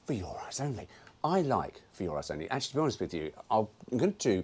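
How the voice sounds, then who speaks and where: Husky man with a lively voice. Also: lowish voice. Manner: cheeky, sweary, jokey. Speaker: car vlogger. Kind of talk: casual chatty commentary.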